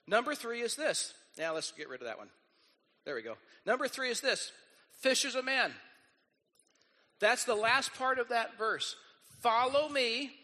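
A man preaching a sermon as pastor, lively and acting out the people he quotes. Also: extremely high pitch, moderate pace, long pauses, in a large hall. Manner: animated, acts out quoted voices.

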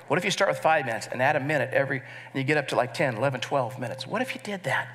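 A man's voice: mid-range voice, expressive, rapid-fire, few pauses, fairly bright tone, a little hiss or hum. A middle-aged man preaching a sermon as pastor, earnest, and asking the congregation to repeat key words with him. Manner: earnest, leads the congregation in call-and-response.

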